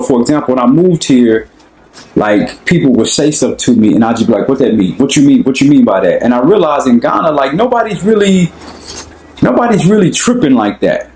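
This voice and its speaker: A young American man with an African American accent, talking casually and relaxed about his own experiences, with lots of slang. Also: medium pitch, echoey room, rough recording. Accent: African American English. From United States. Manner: relaxed, conversational, slangy, often asks "you know what I'm saying". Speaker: interviewee. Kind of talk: casual personal talk.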